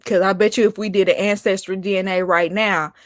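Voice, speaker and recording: A woman vlogger delivers a casual opinion rant, sassy and animated, breaking into laughter. Her voice sits at a medium pitch, and the sound is dry and close. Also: a little fast, dry recording. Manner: animated and sassy, laughing, calling out with "honey" and "baby". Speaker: vlogger host.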